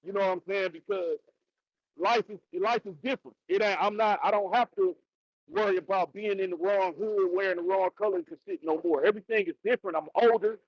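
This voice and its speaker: Middle-aged Detroit man, rapper guest, emphatic and loose, high voice, dry muffled sound. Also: brisk, no room sound. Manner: loose and emphatic, cusses, repeats "bro" and "you know what I'm saying". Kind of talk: casual interview chat.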